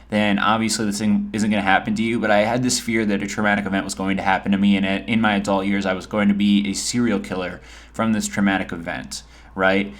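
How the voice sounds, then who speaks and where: A man in his twenties giving joking, rambling advice over gameplay in a casual vlog. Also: on the low side. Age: 20s. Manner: joking, rambling, self-deprecating.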